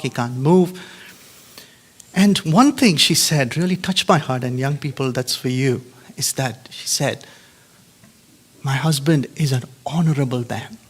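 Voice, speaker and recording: A man preaching a live sermon in a conversational, emphatic way, often checking in with the congregation. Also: mid-range voice. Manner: conversational, emphatic, frequent "right?" and "okay?" checks.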